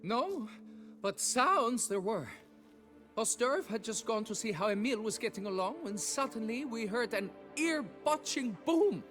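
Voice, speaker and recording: A high, fussy, flustered foreman. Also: unhurried, faint music behind, exaggerated voice. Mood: pleading. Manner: fussy, excitable, wheedling and pleading. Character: flustered, stingy middle-aged male quarry foreman. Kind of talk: video game dialogue.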